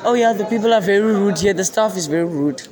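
A chatty podcast host with a bantering manner, talking with friends in a busy coffee shop. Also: mid-range voice. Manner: chatty, bantering, quick to laugh. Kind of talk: casual chat among friends. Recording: crowd chatter behind.

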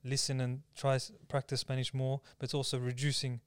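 Young Australian man, reflective talker, fast and smooth, dry close sound. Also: mid-range voice, monotone, dry recording. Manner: thoughtful, many "like" fillers. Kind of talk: casual reflective chat.

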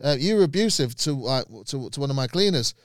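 A man, a comedian, telling a road story in casual chat, animated and swearing freely, shrieking when he quotes himself. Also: medium pitch, fast, no echo, clean studio sound.

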